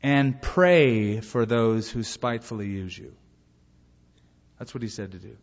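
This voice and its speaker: A male pastor preaching a sermon in a lively way, acting out bits of dialogue between points. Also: fairly low pitch, a little slow, pauses often. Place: church sanctuary. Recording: muffled live recording in a reverberant hall.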